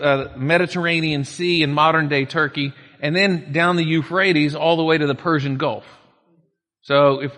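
A man's voice: a little high, bright, forceful tone. Folksy preaching man in a reverberant hall. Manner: conversational preaching, reads scripture with folksy asides. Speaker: pastor. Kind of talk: sermon.

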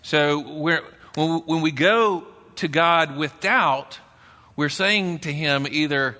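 A man with a Texan accent preaching a sermon in church, talking conversationally and dropping into a low grumbling voice when he acts out a doubter. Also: slow pace, sharp tone. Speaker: pastor. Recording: long reverb in a church hall.

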